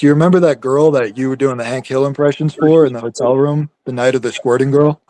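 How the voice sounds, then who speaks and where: A man's voice: medium pitch, steady tone, fast, warm tone. A man telling a long story on a stream in a rambling, profane, casual way.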